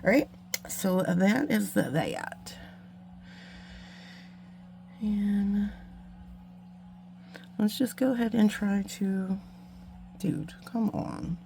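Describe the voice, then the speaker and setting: A woman hosts a beading tutorial in a casual, chatty way. She mocks herself and mutters asides while working, and her voice has a gravelly, creaky texture. A faint hum sits behind her. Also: medium pitch, drawn-out words, pauses often, dark tone. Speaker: beading channel host. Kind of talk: casual craft tutorial chat.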